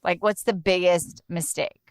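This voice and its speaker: A woman's voice: lowish voice, fairly even intonation, unhurried, no echo, studio quality. A woman hosting a casual interview, chatty and gushing, who says "like" often; she is from the northern United States. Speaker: host.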